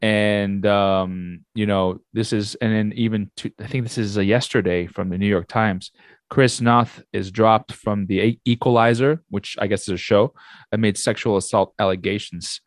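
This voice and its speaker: A man co-hosts a casual chat podcast in a fairly low voice. He talks in an easygoing way and fills pauses with many ums and uhs. The close mic gives a dry sound with no room. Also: steady tone, no room sound. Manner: easygoing, hesitant with many uhs, reads news aloud. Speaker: podcast co-host.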